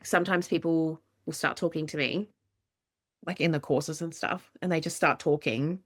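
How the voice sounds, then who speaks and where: Australian woman podcast host, slightly low voice, chatty and self-deprecating, dry close recording. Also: moderate pace, no room sound. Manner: chatty and self-mocking, swears casually. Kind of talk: casual podcast conversation.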